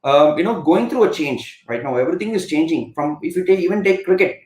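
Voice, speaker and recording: Speaking with an Indian English accent, a middle-aged man who used to play cricket rambles through stories as a guest in a live online interview, full of fillers and false starts. His fairly high, darkish voice is animated and fairly quick, heard in a room with noticeable echo.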